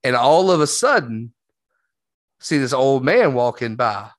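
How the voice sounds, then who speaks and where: A man's voice: medium pitch, big pitch swings, unhurried, no echo. A man hosting a podcast, telling a rambling story in casual chat. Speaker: podcast host.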